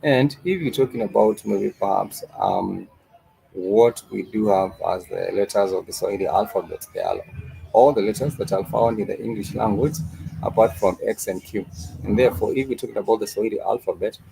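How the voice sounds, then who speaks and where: Gravelly low-voiced man teaching. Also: very animated, warm tone, a little hiss or hum, low-quality recording. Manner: slow, repetitive teaching with many filler "uh"s. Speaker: host and Swahili teacher. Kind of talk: live-stream commentary and language lesson.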